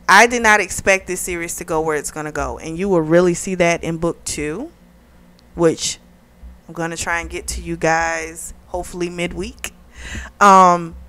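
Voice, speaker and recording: A woman's voice: fairly low pitch, a bit bright, clear, resonant tone. A woman hosting a casual book review, retelling the plot in a chatty way with lots of "like" and "you know.".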